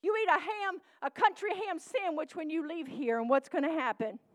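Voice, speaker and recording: A woman preacher delivers a sermon in a very high voice. She calls out to the congregation and moves between loud declarations and quiet, intense passages. The sound is dry and close. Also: normal speed, dry recording. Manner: call-and-response preaching, swings from shouting to hushed.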